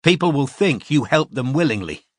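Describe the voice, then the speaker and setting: A man voicing a businesslike male detective who questions calmly and without sympathy. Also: mid-range voice, moderate pace, no echo, studio quality, voice pushed up, close to an everyday voice. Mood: remorseless. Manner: calm, unsmiling, remorseless.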